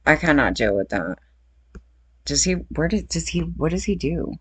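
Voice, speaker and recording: A woman's voice: low voice, very animated, moderate pace, breathy edge, no echo. A woman in her forties giving casual reaction commentary on a news story, blunt and outraged, swearing freely. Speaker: true-crime commentary vlogger.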